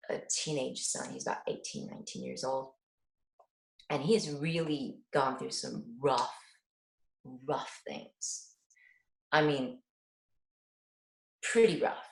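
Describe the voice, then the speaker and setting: Woman, middle-aged, earnest, animated storytelling, echoey room. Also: very deep voice, vocal fry. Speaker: parent guest. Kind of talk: casual interview answer.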